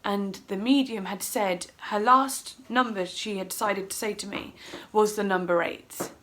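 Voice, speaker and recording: Recording from home, a middle-aged woman vlogger shares a personal story, casual, emotional and meandering, voicing her own quotes as she goes. She speaks at a measured pace in a steady, mid-range voice that's a bit bright.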